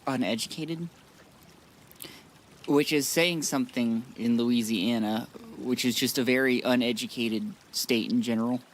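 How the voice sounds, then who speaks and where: A man's voice: mid-range voice, steady tone, unhurried. A man streaming a modded game, chatting casually in a rambling, blunt way with frequent restarts. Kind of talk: casual live-stream chat.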